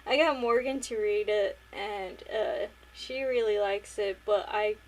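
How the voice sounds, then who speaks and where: A woman's voice: mid-range voice, a little slow, low-quality recording. A woman co-hosting a casual book club podcast, laid-back, with short reactions and mild swearing. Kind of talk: casual chat.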